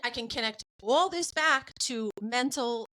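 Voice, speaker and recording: Bright, animated woman podcast host. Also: on the high side, low-quality recording. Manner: animated, blunt, quick to laugh. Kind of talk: casual podcast chat.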